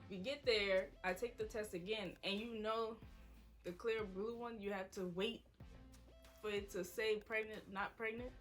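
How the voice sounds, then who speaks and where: Woman, mid-twenties, bright voice, casual story-time vlog, faint music underneath. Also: mid-range voice, steady tone, a little slow. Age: 20s. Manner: casual, quoting people in her story. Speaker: vlogger.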